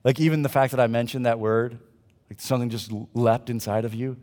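A man's voice: medium pitch, steady tone, a little fast. Male pastor preaching in a reverberant hall. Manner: dynamic, swings between loud emphasis and quiet asides; conversational, jokey asides to the congregation. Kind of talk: sermon. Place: church service.

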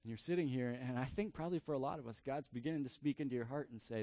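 A man in his thirties, a pastor preaching a sermon through a family story, often repeating words in quick bursts. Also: mid-range voice, dark tone, dry recording.

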